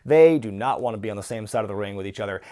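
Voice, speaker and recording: A man's voice: fairly low pitch, rapid-fire, warm tone. A man reviewing wrestling matches in casual, opinionated commentary with frequent fillers.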